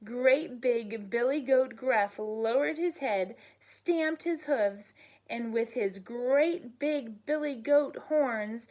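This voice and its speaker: A woman teacher reading a bedtime story aloud to children, gentle and unhurried, sounding out the story's noises. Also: a little high.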